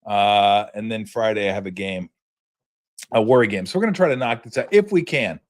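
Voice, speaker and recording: A man hosting his own sports podcast, telling a story in a casual, animated way, laughing now and then and restarting sentences with plenty of fillers. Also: on the low side, fairly quick. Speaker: podcast host.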